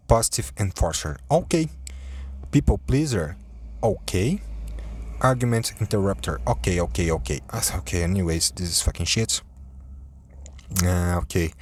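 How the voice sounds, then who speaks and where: A tired man with a deep, slightly mellow voice rambles on his own podcast as host. He swears freely, stumbles, and keeps interrupting himself to restart sentences.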